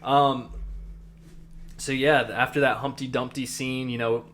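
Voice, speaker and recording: A man's voice: medium pitch, little pitch movement, unhurried, fairly bright tone, slight background noise. A man co-hosting a podcast, recapping an anime episode in a rambling, casual way with lots of fillers. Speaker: podcast co-host.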